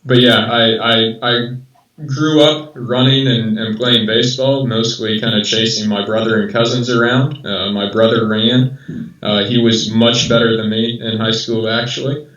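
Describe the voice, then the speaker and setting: An American man in his thirties, a guest in a casual interview, talking haltingly with many restarts. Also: medium pitch, steady tone, a bit bright, roomy sound, far from the mic, highs cut off. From rural southern United States.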